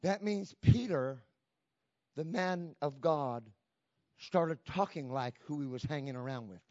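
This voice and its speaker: A man preaching a fervent sermon as pastor, calling out "come on" to the church and swinging between shouts and hushed lines. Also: on the high side, a little slow, no echo. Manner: fervent preaching with repeated "come on" call-outs. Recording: dull lo-fi, dry sound.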